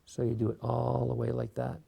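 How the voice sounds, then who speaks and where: A man hosting a beginner clay sculpting tutorial, talking relaxed and casual while he works. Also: medium pitch, a little fast, vocal fry, slightly rough. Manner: relaxed, talks while working, many fillers. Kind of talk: step-by-step craft tutorial.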